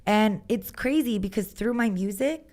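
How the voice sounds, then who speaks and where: A woman's voice: medium pitch, normal speed. A woman, a musician and guest, chatting casually and animatedly, filling her talk with "like" and acting out what people said. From Texas. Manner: animated storyteller, lots of "like", acts out quotes. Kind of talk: casual chat.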